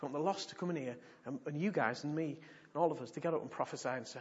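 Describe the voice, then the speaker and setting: A man's voice: a little high, rapid-fire, slightly rough. A man preaching in church, a pastor telling stories animatedly and repeating points for emphasis. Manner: animated storytelling, emphatic repetition. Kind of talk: sermon teaching. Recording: dull lo-fi recording.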